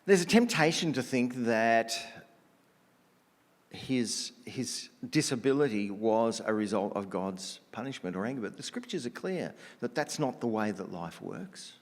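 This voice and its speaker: A male preacher delivers a laid-back sermon at a middle pitch, chatting his way through stories with easygoing slang and little restarts. His voice rings out with a long hall reverb, as in a church space. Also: a little slow. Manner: relaxed, casual storytelling with frequent restarts and slang. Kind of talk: conversational sermon.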